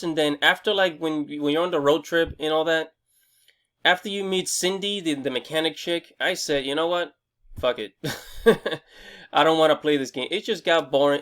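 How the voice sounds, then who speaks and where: A young man hosting a casual game review vlog, excitable and rambling, swearing freely and restarting his sentences often. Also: a little high. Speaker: gaming video host.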